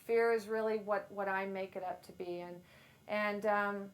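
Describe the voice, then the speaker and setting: A woman's voice: mid-range voice, fairly even intonation, moderate pace. A middle-aged woman giving a playful, self-deprecating motivational talk to a live audience on a handheld mic. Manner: playful, self-deprecating storyteller who acts out quotes loudly. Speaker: speaker at a women's event.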